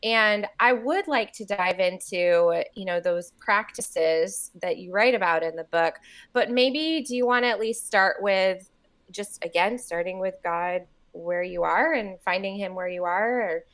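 Female podcast host, mid pitch, eager and affirming, loose casual phrasing. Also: measured pace, fairly bright tone. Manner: enthusiastic, affirming, many fillers. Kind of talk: casual interview.

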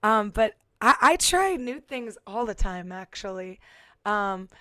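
A woman's voice: medium pitch, sing-song, unhurried, sharp tone, no room sound, clean studio sound. A woman musician chatting casually, talking through her thoughts with many fillers and restarts. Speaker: musician and podcast guest. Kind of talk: casual chat. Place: San Diego.

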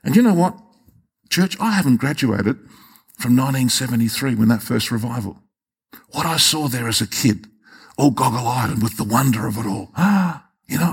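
An older man preaches to his congregation with a husky, slightly breathy voice. He is fervent and stumbles over his words, then climbs high and loud to drive a point home. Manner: impassioned, often rising sharply in pitch, with repeated restarts. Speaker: pastor. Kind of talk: sermon.

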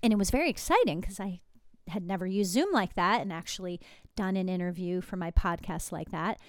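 A middle-aged woman from Southern California hosting her own podcast, telling a personal story in a chatty, animated way with asides. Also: lowish voice, brisk, no room sound, studio quality. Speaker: podcast host. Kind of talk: casual storytelling monologue. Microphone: desktop podcast microphone.

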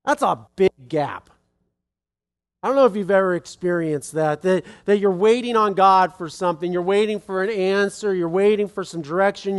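Man, thirties, high-pitched, chatty sermon, rambling with restarts. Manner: rambling, with many restarts and asides. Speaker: pastor. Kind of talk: conversational sermon.

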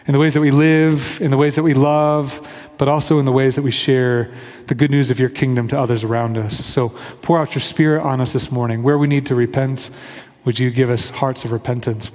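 A man's voice: medium pitch, a little mellow. Earnest man preaching in a reverberant hall. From Kansas City area. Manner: earnest, conversational, acts out quoted voices. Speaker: pastor. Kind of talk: sermon with prayer. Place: church sanctuary.

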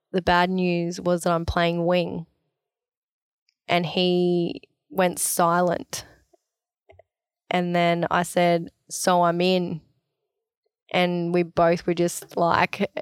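A woman's voice: lowish voice, smooth, no echo, clean studio sound. Chatty young Australian woman. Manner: chatty, animated, quoting herself with "like". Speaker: athlete interviewee. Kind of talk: casual storytelling interview.

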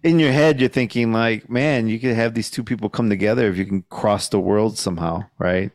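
Low-voiced man in relaxed podcast chat. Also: a little fast. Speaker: podcast co-host. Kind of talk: casual film review chat.

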